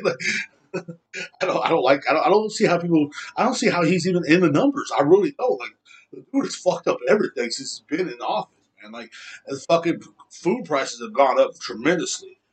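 Husky, profane man ranting. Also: a little high. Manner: profane, heated, rambling. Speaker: podcast host. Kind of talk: casual rant.

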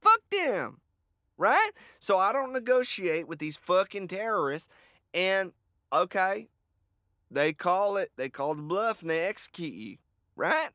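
A man with a Southern US accent co-hosting a comedic podcast, rambling and cursing, often getting loud and excited. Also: high voice, unhurried, no room sound, studio quality. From American South. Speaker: podcast co-host. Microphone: podcast microphone.

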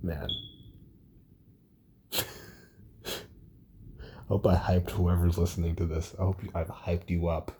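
A young man talking alone on a casual podcast, rambling and excitable, swearing a lot as he retells a story. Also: deep voice, takes it slowly, pauses often, noisy background. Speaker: podcast host. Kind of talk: casual solo podcast monologue.

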